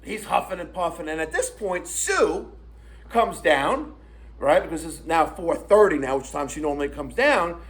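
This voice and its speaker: A middle-aged male vlogger tells his viewers an indignant, profane story, ranting to the camera in an animated way. His voice is on the high side, with a breathy edge and a moderate pace.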